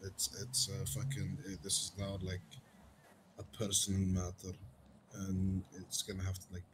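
A man in an in-character roleplay argument, frustrated and halting, with heavy swearing. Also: low-pitched, monotone, very noisy.

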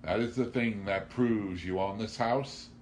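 A man voicing a crafty vagabond who speaks gently and politely, playing innocent. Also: fairly low pitch, a little slow, slight background noise, voice pushed up, natural voice. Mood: mock-innocent.

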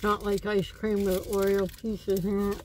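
A woman's voice: medium pitch, level tone, a little hiss or hum, poor audio. A woman vlogger chatting casually while showing off a shopping haul. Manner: chatty, slow and deliberate when showing items.

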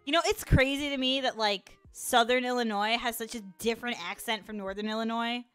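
A young woman with a Chicago accent chats loosely with her stream audience, breaking into laughter and reacting to messages as they come. Her voice sits a touch high, and the sound is close and dry. Soft music plays faintly behind her. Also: fairly even intonation, a little fast, smooth, dry recording. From Chicago, USA. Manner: chatty, laughs often, reacts to chat. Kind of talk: casual live-stream chat.

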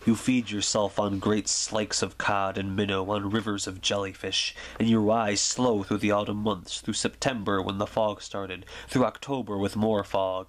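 A man reading the part of a calm, wistful old lighthouse keeper in a quiet, measured ASMR story reading. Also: fairly low pitch, lightly acted.

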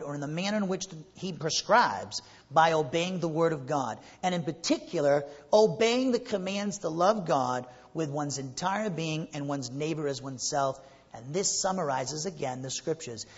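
A husky, slightly high-voiced man delivers an earnest sermon, building to emphatic peaks and rhetorical questions. His voice rings out with a long trailing reverb through what sounds like a church sanctuary. The recording is somewhat muffled. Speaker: pastor.

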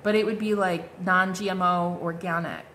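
A woman with a lowish, slightly bright voice keeps a steady tone and moderate pace as she does a casual tarot reading. She's chatty and bubbly, with plenty of fillers, exclamations, "like," and "oh my God." Slight background noise is present.

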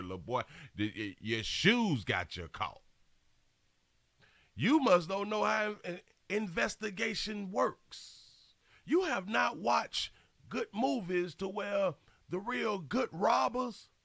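A man's voice: sits high, vocal fry, fairly bright tone, no room sound. A man hosting a commentary show, reacting to a news clip with mocking, slangy talk and swearing.

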